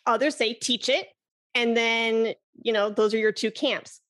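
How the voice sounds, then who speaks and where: A woman flute teacher, a guest in a casual interview, who talks with enthusiasm, laughs easily and demonstrates breathy "ha" sounds. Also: fairly high pitch, steady tone, a little slow, a bit bright.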